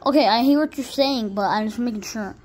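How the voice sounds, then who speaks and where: A woman doing playful role-play commentary for a gaming video, excitable and jumping between hushed whispers and sudden yelps. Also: fairly high pitch, fairly quick.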